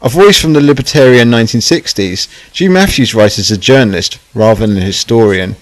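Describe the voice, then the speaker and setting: A man's voice: mid-range voice, fairly quick, no room sound, poor audio. A man narrating a scripted documentary in a sardonic way, with catty asides.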